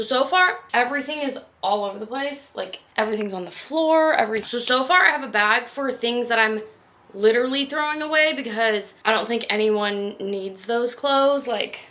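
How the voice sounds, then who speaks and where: A woman's voice: a little high, sharp tone. Young adult woman, casual home vlogger, talks in loose rambling chat. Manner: chatty, rambling, lots of "like".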